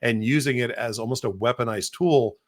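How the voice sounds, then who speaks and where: A middle-aged man hosts a casual podcast at an average pitch for a man. He rambles, repeats words and restarts his sentences as he explains what he is doing. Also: fairly quick. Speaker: podcast host.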